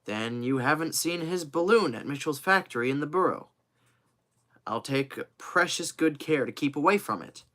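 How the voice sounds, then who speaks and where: A man's voice: fairly high pitch, lively intonation, moderate pace, sharp tone, voice pushed up. A man voicing a skeptical, stubborn hunter who speaks bluntly.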